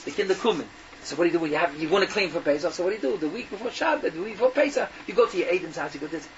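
An older man telling a folk tale with Yiddish phrases, animated, stumbling and restarting as he acts out the characters. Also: sits high, racing, recorded from a distance. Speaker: storyteller. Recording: dull lo-fi recording with faint noise.

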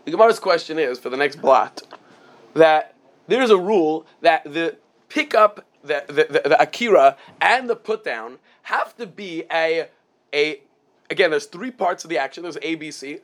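A man teaching a casual Talmud class, explaining with everyday examples and often restarting his phrases. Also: sits high.

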